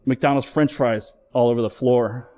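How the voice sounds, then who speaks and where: A middle-aged man recounts a personal story before an audience, speaking candidly and earnestly. His voice sits at an ordinary middle pitch. Emotion rises and falls as he talks. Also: fairly even intonation, moderate pace, mellow. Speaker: flight paramedic. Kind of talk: personal story told live on stage.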